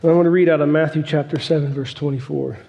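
A man's voice: fairly high pitch, steady tone, quick pace, gravelly, long reverb tail, muffled recording. A man preaching a storytelling sermon in a folksy, repetitive and emphatic way.

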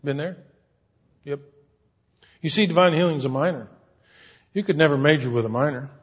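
The pastor's voice is on the high side, slightly rough, and at normal speed as he gives a sincere, folksy sermon, performing the people he quotes. Sound is dull and echoes with long hall reverb.

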